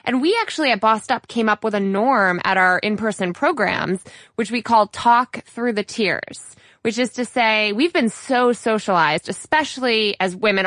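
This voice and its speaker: A woman hosting an interview podcast, talking in an animated, emphatic way. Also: medium pitch, no room sound, studio quality. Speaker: podcast host. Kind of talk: casual interview chat.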